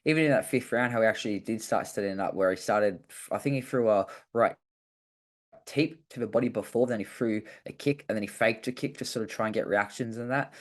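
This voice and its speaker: A man's voice: on the low side, a little fast. A man, a fighter talking in a casual chat, rambling with many fillers. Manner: rambling, heavy use of "like" fillers. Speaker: MMA fighter guest.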